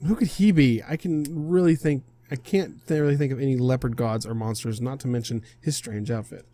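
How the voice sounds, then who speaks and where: A man's voice: mid-range voice, steady tone, fairly quick, mellow. A young man casually reading a visual novel aloud, stumbling and correcting himself as he goes. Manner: casual, stumbles over words, laughs and self-corrects. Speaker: game streamer reading aloud.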